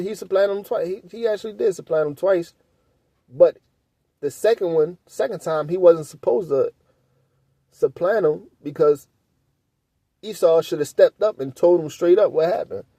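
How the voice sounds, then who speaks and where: A man with a somewhat high but warm, mellow voice leads an informal scripture study. He reads verses aloud, then slips into loose, blunt commentary, often checking in with a quick "right?". The sound is dry and close, with no room echo. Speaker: Bible teacher.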